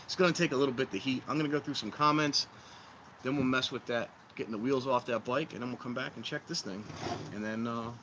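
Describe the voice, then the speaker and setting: A man's voice: medium pitch, quick pace, background noise. A man hosting a casual livestream outdoors by a fire pit, rambling and joking with his viewers. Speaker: livestream host.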